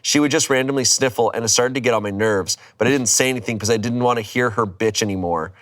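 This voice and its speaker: Reading a story aloud at a fast clip, the host has a mid-range, slightly bright voice. His delivery is dramatic and loose, full of swearing, laughter, and mock indignation.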